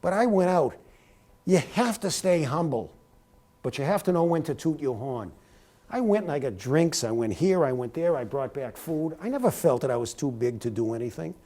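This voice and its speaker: A middle-aged man giving an animated talk at a university, telling career stories and sometimes breaking into a sportscaster's cadence. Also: on the high side, moderate pace. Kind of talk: motivational talk with anecdotes. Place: lecture hall at a university.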